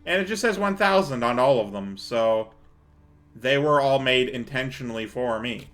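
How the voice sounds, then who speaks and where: A man's voice: mid-range voice, lively intonation, moderate pace, a bit bright, faint music behind. Tired man casually narrating gameplay. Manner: chatty, thinking aloud, swears casually. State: tired, a little out of breath. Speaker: let's-play host.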